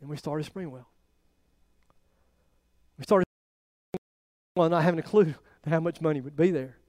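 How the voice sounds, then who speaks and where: A man preaching a sermon as pastor, telling his own story with animated swings between loud and hushed delivery. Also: on the high side, normal speed, no room sound. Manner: animated storytelling, voice rising and dropping to near quiet.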